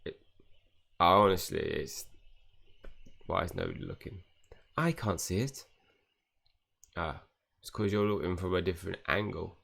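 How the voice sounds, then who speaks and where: A young man playing a mobile game, chatting excitedly and reading the story dialogue aloud. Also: deep voice, a little slow, creaky. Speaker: gaming YouTuber. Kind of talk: casual game commentary.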